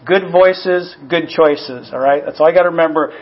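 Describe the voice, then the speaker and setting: Husky man giving a casual sermon. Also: a little high, moderate pace. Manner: casual, personal, many "you know" asides. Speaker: pastor. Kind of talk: conversational sermon. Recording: dull lo-fi recording.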